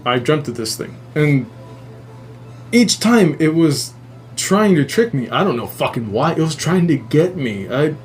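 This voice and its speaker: A man hosting a live stream, casually retelling a story in a rambling, animated way and swearing a lot. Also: on the high side, measured pace, faint music behind. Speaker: livestream host.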